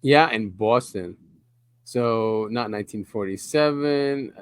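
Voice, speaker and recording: A man's voice: mid-range voice, slow, smooth, no echo. Chatty male podcast co-host, dry close sound. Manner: rambling, chuckles often, reads articles aloud. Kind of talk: casual chat.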